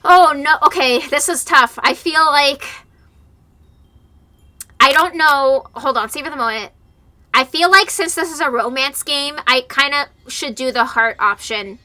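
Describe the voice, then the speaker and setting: A woman's voice: sits high, normal speed, pushed and bright. A young woman streaming a dating game, reading its text aloud and joking about it in a playful way.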